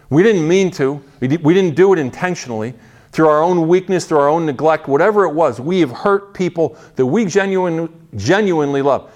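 A man preaching a sermon in an earnest, conversational way, often restarting his phrases. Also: a little high. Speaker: pastor.

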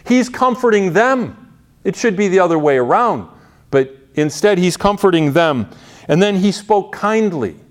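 A pastor with a high-pitched, animated voice preaches a sermon at a measured pace. He speaks earnestly and conversationally, frequently restarting his phrases.

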